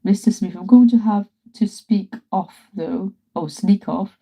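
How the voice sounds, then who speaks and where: Brief: woman in her 30s, artist hosting a live stream from her home studio, chatty and giggly, very warm, dark tone. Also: mid-range voice, a little slow, vocal fry, breathy edge, poor audio. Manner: chatty, laughs often, greets viewers. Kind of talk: casual live-stream chat.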